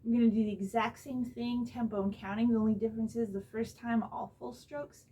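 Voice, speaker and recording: A woman teaching a casual drum lesson, explaining step by step in a relaxed way beside her drum kit, recorded on a low-quality camera mic. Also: fairly quick. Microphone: phone or camera mic.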